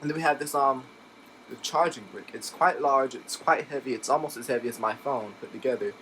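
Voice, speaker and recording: A man chatting casually while unboxing a laptop, excitable and gushing, recorded on a phone at home. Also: mid-range voice, a little fast, slight background noise, rough recording. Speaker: tech unboxing vlogger. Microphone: phone camera. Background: background music.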